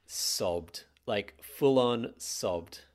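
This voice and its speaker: A man's voice: fairly low pitch, extremely slow. A young man co-hosting a podcast in casual chat, exhausted, talking in a dry, blunt, wry way. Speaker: podcast co-host.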